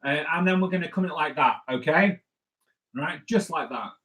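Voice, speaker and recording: A man's voice: fairly high pitch, normal speed, a bit bright. Chatty man teaching a drawing lesson. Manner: chatty, rambling, with jokey asides. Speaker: comics artist teaching drawing.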